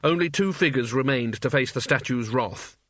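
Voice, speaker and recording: A man reading a comic fantasy novel aloud as narrator, in a wry, measured storytelling manner. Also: mid-range voice, a bit bright, no room sound, clean studio sound. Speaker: audiobook narrator. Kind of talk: scripted narration.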